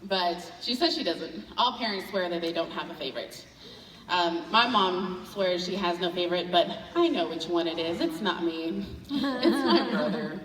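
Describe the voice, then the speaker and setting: A woman performing a stand-up comedy set at a luncheon, telling animated stories about her family and acting out their voices. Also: fairly low pitch, moderate pace, a little hiss or hum. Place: event hall at a luncheon. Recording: roomy hall, voice from far off.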